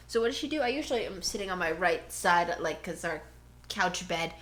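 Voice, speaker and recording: A woman co-hosting a casual podcast at home, ranting in a rambling, animated way into a cheap headphone mic. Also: medium pitch, fairly quick, a little hiss or hum. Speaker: podcast co-host.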